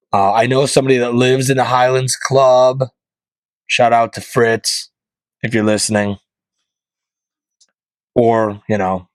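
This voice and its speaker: A man hosting his own podcast, joking through casual rambling asides in a deadpan way, from northeastern Pennsylvania. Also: on the low side, no room sound. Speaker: podcast host. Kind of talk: casual comedic monologue.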